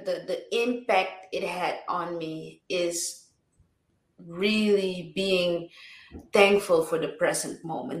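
Woman guest with a roomy echo. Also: fairly low pitch. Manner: reflective, repeats words and restarts often. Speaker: singer-songwriter guest. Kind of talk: casual interview chat.

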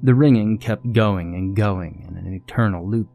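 Low-voiced man narrating a horror story. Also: moderate pace, creaky, dark tone, dull audio, faint music behind.

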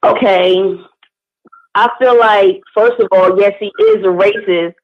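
A young woman calling in to a show, earnest and halting, with many fillers as she gives her opinion. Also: medium pitch, steady tone. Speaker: caller. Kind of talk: call-in opinion. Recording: muffled phone line.

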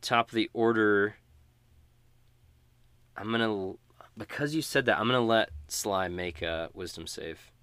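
Low-voiced man running a tabletop game. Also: unhurried, long pauses, fairly bright tone, smooth, no echo. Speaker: game master.

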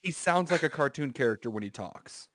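A man's voice: mid-range voice, lively intonation, fairly bright tone, no echo, clean studio sound. Man telling a long story, casual. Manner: drawn-out anecdotes with many fillers. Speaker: podcast co-host.

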